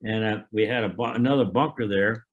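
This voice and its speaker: A man in his eighties telling an oral history of his army years, a halting storyteller who restarts often and acts out remembered dialogue. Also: fairly low pitch, narrow, tinny audio. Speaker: veteran interviewee.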